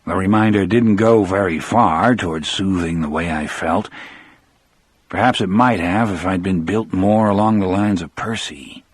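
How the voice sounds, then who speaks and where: A man's voice: low voice, normal speed, slightly rough, dry recording. A man narrating an audiobook in the first person, with a dramatic storyteller delivery.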